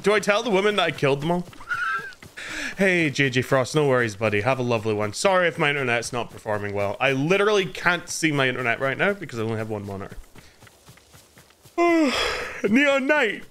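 A man's voice: medium pitch, big pitch swings, a little fast, a bit bright, clear, resonant tone. A man livestreaming a game, chatting casually and jokingly and greeting viewers by name. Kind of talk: casual gameplay commentary.

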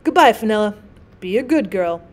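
A woman voicing a stern but tired and sad father in a story reading, speaking briskly and quietly tenderly. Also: mid-range voice, expressive, natural voice. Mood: stern, gentle.

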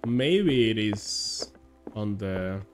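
A man's voice: lowish voice, animated, extremely slow, soft background music. A man streaming a game live and chatting casually, laughing often and swearing now and then. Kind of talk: live gameplay commentary.

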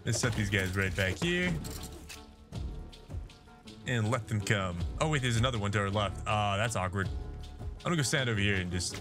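A man with a fairly low voice chats casually while playing a game, joking at his own slip-ups. Faint game music plays underneath. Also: animated, normal speed, long pauses. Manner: chatty, jokey, self-deprecating. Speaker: gameplay streamer. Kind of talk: casual let's-play commentary.

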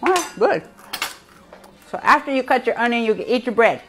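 Giggly lady cooking live, chatting to viewers, bit high voice, bread in her mouth, soft music behind. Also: animated, moderate pace. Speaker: cooking show host. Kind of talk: casual live cooking demo.

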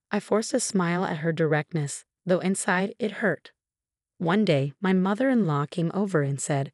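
A woman narrating a first-person story in an even, measured way. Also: lowish voice, no room sound, studio quality.

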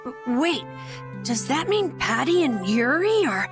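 Gentle, curious young noblewoman for a game, high and lively. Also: measured pace. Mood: earnest. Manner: earnest and curious. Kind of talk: game voice acting. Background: game music.

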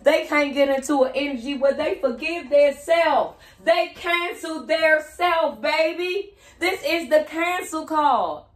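High-voiced woman giving a roomy tarot reading. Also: slow pace. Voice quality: expressive, blunt and profane, bursts into sing-song chants. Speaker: tarot reader. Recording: roomy echo, set back from the mic.

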